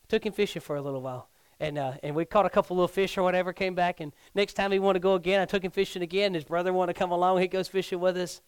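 A middle-aged man, a youth pastor preaching a sermon, swinging from hushed, near-whispered lines to loud, near-shouted ones. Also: sits high, steady tone, racing, few pauses, clear, resonant tone, dry recording.

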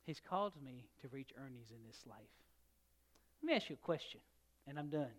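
A middle-aged man preaching a sermon, telling a story and swinging between loud and soft. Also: mid-range voice, animated, normal speed. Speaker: pastor.

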